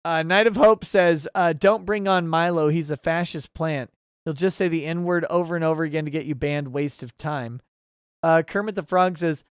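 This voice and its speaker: A man's voice: on the high side, fairly even intonation, moderate pace, clean tone, dry recording, studio quality. A man hosting a casual livestream talk show and reading viewer messages aloud with sarcasm and mock outrage.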